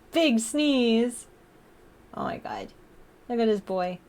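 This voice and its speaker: Slow-talking woman cooing at her cat. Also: a little high, animated, darkish tone. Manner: playful baby talk to a pet. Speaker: livestreamer. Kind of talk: casual chat with chat and her cat.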